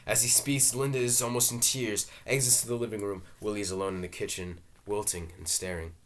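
Brief: a man with a low voice reading stage directions, steady and plain. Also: brisk. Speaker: reader. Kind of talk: dramatic play reading.

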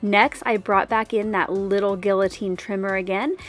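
A woman's voice: mid-range voice, steady tone, moderate pace, soft background music. A woman hosting a card-making tutorial, explaining each step in a chatty, casual voice-over. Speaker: card-making channel host.

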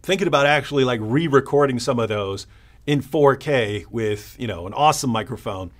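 A man's voice: mid-range voice, brisk. A man co-hosting a casual live stream, telling stories with lots of energy and acting out other people's lines. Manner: animated storytelling, mimics opponents. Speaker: co-host.

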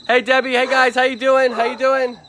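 A man's voice: extremely high pitch, flat delivery, fairly quick, background noise. A man from Florida chatting on a live stream outdoors at an animal shelter at night, upbeat and repeating himself, with crickets and barking dogs behind. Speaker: livestreaming animal shelter advocate. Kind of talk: casual live-stream chat.

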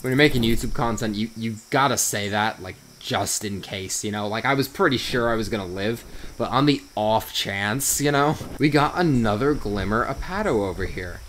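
A man's voice: fairly low pitch, moderate pace, fairly bright tone, slight background noise. A man from South Jersey giving casual, rambling gameplay commentary as a YouTuber, swearing often and saying "you know" constantly. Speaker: gaming YouTuber.

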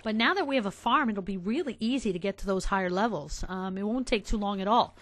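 Bright-voiced chatty woman gaming host. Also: mid-range voice, fast, no room sound. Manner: chatty, talks straight to viewers, easily excited. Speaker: let's play host. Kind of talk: casual gameplay commentary.

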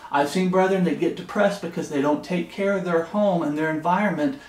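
A man's voice: fairly high pitch, a little fast, roomy sound. A man teaching a Bible study in an earnest, repetitive way, reading scripture aloud between remarks. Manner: earnest, repeats and restarts phrases, reads scripture aloud. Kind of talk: sermon-style Bible study.

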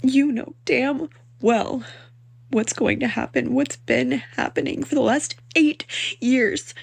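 A woman of twenty-one ranting in distress to camera, with a husky, gravelly voice. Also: high-pitched, takes it slowly. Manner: crying and laughing, distraught. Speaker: reaction clip poster. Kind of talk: emotional rant to camera.

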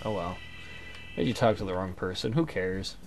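A man's voice: low voice, animated, normal speed, faint music behind. A man giving casual, joking and crude commentary while playing a game. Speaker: let's play host.

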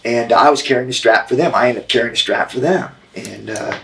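A man telling a long, halting story as an interview guest, with frequent restarts. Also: mid-range voice, gravelly, fairly bright tone, reverberant, rough recording. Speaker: interview guest, former wrestler.

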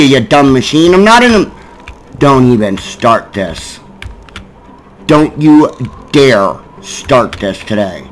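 A man giving gameplay commentary, frustrated and swearing at the game, with sudden yelled bursts. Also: big pitch swings, slow, pauses often, poor audio. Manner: yelling in sudden high bursts. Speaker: gaming YouTuber.

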